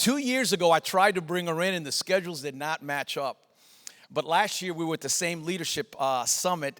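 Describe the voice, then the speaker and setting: A man hosting a business leadership event, giving an encouraging welcome and introducing the speaker. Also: on the high side. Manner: builds to an energetic, hyped-up introduction. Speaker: event host. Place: large event hall. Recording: reverberant hall.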